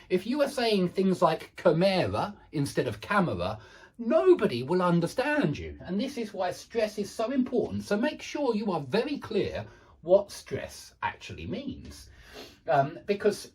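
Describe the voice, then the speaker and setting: A man teaching an online English pronunciation lesson in a chatty, self-deprecating way, slowing down to model each word. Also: high voice, a little mellow, breathy edge. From England.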